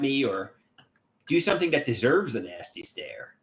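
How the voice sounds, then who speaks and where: A man's voice: medium pitch, big pitch swings, moderate pace, a bit bright. A man hosting a casual livestream, reading chat comments aloud and rambling with many repeated, restarted words. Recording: echoey room.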